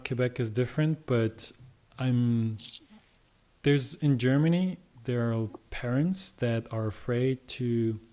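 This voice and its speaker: A man's voice: mid-range voice, a little mellow. A man hosting a casual interview, asking curious follow-up questions. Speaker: interview host.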